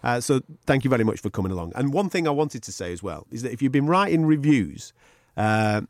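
A man's voice: mid-range voice, very animated, brisk, dry recording, studio quality. A man co-hosting a podcast in casual, sweary banter, often laughing. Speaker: podcast co-host.

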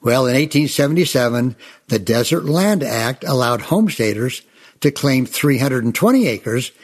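A man's voice: mid-range voice, slightly rough. A man telling Old West tales in a chatty, folksy way, often calling his listeners folks. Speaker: storyteller.

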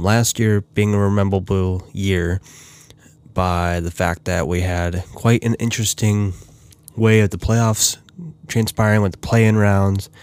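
A man's voice: sits low, darkish tone, clean tone, no room sound. A man hosting a casual solo hockey talk, rambling with many fillers and restarts. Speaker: hockey podcast host.

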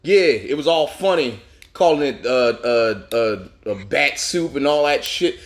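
Animated, swearing man ranting. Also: mid-range voice, unhurried, a little hiss or hum. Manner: profane, exasperated ranting. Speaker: podcast co-host. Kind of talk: casual comedic chat.

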